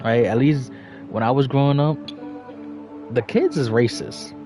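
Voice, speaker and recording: A man's voice: mid-range voice, unhurried, music in the background. New man, profane casual storytelling. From New York. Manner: loose, profane, chuckling storyteller. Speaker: livestreamer. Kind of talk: casual storytelling while gaming.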